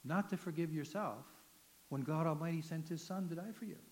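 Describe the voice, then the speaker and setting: A stern, pointed prison inmate, as a preacher acts him out, rebuking with raised pitch and force. The delivery is firm and emphatic. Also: male voice, fairly quick, natural voice.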